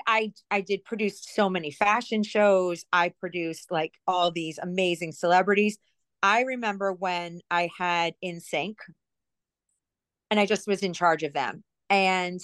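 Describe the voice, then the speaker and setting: A woman's voice: on the low side, a bit bright, no room sound. A middle-aged woman, a former TV producer, telling rambling, self-mocking stories as a guest in a casual interview. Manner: chatty, rambling, self-mocking, lots of asides and fillers. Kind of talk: casual storytelling in a podcast interview.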